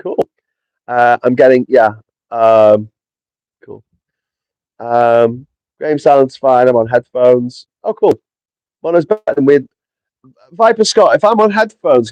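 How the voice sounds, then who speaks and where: A man's voice: mid-range voice, normal speed, pauses often, darkish tone, no echo. Sweary man on a live stream. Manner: chatty, sweary, reads viewers' comments aloud. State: short on sleep. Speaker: livestream host. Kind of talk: casual live-stream chat. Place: outdoors in the wind. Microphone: small clip-on mic with foam.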